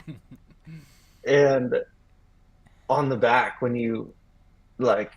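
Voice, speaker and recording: Husky man telling a rambling story. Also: medium pitch, drawn-out words, rough recording. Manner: rambling, animated retelling with acted-out quotes. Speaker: interview guest. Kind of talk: casual storytelling in an interview.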